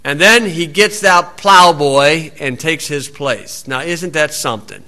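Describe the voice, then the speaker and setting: A male preacher delivers a sermon in a bright, somewhat high voice. He tells homespun stories and acts out the people in them. He shouts the scripture quotes loudly. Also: measured pace.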